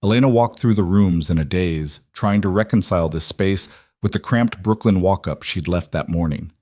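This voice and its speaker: This is scripted narration of a drama story, read by a man with a low voice at a steady, even storytelling pace. The recording is dry and the studio sound clean.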